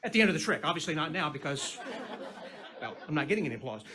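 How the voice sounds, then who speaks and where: Joke-cracking magician on a live stage. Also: male voice, a little high, big pitch swings, fast talker. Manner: corny punning patter, chatty, teasing the crowd. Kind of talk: comedy magic act with audience banter. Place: live stage before an audience.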